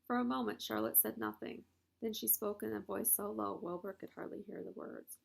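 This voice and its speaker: A woman's voice: medium pitch, lively intonation, moderate pace, vocal fry, breathy edge. A woman reading a children's novel aloud. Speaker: reader.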